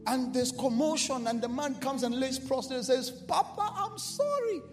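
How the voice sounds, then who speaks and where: A male preacher with a strikingly high voice delivers a sermon, dropping to hushed storytelling and then rising to repeated, shouted declarations. His voice rings through a large hall with a long echo. Soft music plays underneath. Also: steady tone, moderate pace. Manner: repetitive, call-and-response. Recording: reverberant hall with music behind.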